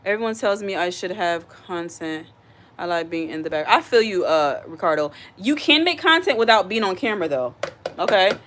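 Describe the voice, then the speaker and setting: A woman's voice: lowish voice, lively intonation, normal speed, a bit bright. Chatty woman live-streaming from her kitchen. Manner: chatty, talks straight to viewers and reads out chat comments; earnest and heartfelt, repeats her points for emphasis. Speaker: livestream host. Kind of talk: casual live-stream chat while cooking. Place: home kitchen.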